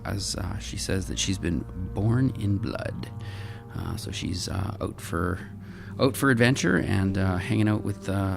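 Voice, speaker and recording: A man with a very deep, gravelly voice chatting casually about his tabletop character, stopping and starting often. Music plays clearly behind him. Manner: halting, filler-heavy. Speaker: player. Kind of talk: casual chat.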